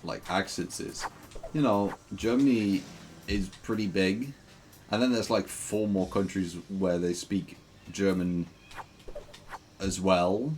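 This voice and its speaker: A man's voice: sits low, steady tone, takes it slowly, pauses often, darkish tone. A man streaming a game, joking and rambling with lots of fillers in casual commentary.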